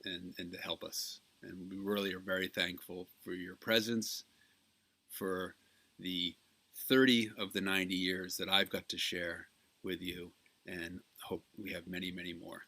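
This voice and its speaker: A man recording a birthday greeting who tells a story and pauses often with ums. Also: deep voice, little pitch movement, bright, forceful tone. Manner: storytelling, halting with many ums. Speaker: family member giving a birthday message.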